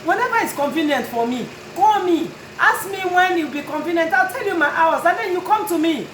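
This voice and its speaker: High-voiced woman pleading firmly. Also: animated, brisk, roomy sound, noisy background. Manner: earnest, pleading and firm. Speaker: notary and tag and title business owner. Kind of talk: direct-to-camera talk to customers.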